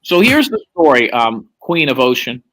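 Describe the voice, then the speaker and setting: As a guest on a live stream, a man spins a long, profane story, raising his voice to act out what other people said. His medium-pitched, slightly bright voice is very animated and moves at a normal speed, though the audio is poor.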